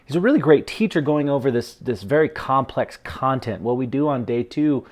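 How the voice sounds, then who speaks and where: A man's voice: mid-range voice, darkish tone. A man talking earnestly and enthusiastically in a casual video diary at home. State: out of breath. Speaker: vlogger.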